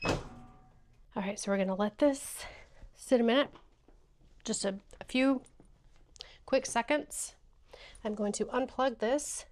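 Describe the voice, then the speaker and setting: Excitable woman narrating a craft vlog. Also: a little high, slow pace, long pauses, a little hiss or hum. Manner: chatty, narrating each step, excitable. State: tearful and emotional. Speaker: craft vlogger. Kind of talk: casual how-to vlog.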